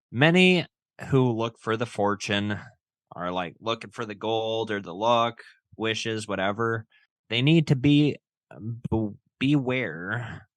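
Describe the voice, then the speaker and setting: Male podcast co-host, low voice, relaxed and jokey, dry close mic. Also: no room sound. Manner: relaxed, joking, swears casually. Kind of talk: casual podcast chat and reading stories.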